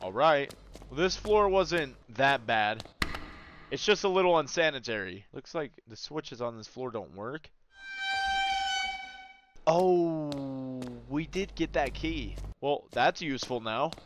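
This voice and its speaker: A young man giving casual, profane commentary while playing a horror game, yelping and shouting when something startles him. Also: mid-range voice, animated, takes it slowly, faint music behind. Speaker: gaming video creator.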